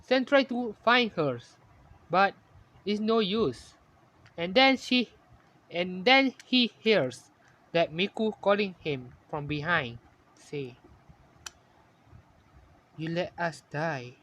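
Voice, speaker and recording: A man narrating a fan-made story in halting, ungrammatical English, often correcting himself. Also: high-pitched, sing-song, a bit bright.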